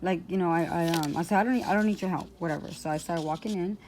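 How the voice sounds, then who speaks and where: Woman ranting on a vlog, kinda low voice, rambling, lots of um and like, fed up. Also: fast, darkish tone, slight background noise. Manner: rambling, full of fillers and restarts; aggrieved, indignant. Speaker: vlogger. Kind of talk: personal storytelling rant.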